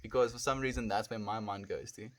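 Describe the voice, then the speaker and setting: A South African man chatting casually on a late-night livestream, rambling softly with many fillers and calling viewers friend. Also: lowish voice, fairly even intonation, brisk, a little hiss or hum.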